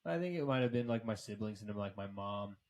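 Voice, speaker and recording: A man's voice: on the low side, animated, brisk, darkish tone. A man co-hosting a podcast, telling rambling stories full of fillers and swearing, and laughing often. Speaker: podcast co-host. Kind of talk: casual chat.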